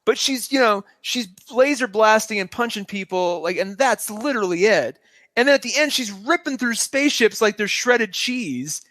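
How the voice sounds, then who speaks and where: A man co-hosting a podcast, talking excitedly in a casual film discussion. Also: high-pitched, normal speed, no room sound. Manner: excitable, animated, riffing. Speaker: podcast co-host. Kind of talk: casual chat.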